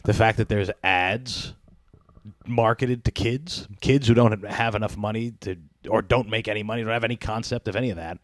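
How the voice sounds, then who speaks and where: Podcast host, deep dry voice, rambling profane comedy chat. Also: male voice, steady tone, moderate pace, dry recording. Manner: rambling, profane, laughs often.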